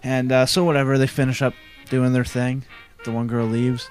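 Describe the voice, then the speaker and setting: A man's voice: mid-range voice, little pitch movement, moderate pace, a little mellow, faint music behind. A man co-hosting a podcast, telling a story in a laid-back, blunt way and laughing at it. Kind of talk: casual chat.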